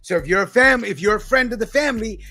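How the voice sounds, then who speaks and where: A man with a New York accent hosting a podcast, telling stories in casual chat with loud outbursts. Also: high-pitched, fast, crowd noise. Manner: animated storytelling, loud outbursts and laughs. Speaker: podcast host.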